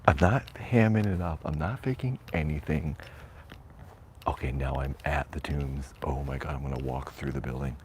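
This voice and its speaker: A man's voice: extremely low pitch, normal speed, darkish tone, a little hiss or hum. A man streaming a nervous night walk through a cemetery, rambling and half-whispering into a shirt mic. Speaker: vlogger. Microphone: shirt lapel mic.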